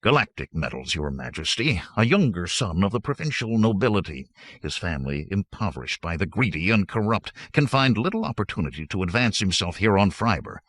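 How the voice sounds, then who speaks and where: A man voicing a swaggering con man in disguise, laying on a thick, rich put-on accent and growling his boasts. The reading is low in pitch yet swoops widely, and the recording is dry and close. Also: sing-song, a little fast, a bit bright, dry recording, heavily acted. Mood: boastful. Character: swaggering con man posing as a provincial noble. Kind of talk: audiobook character reading.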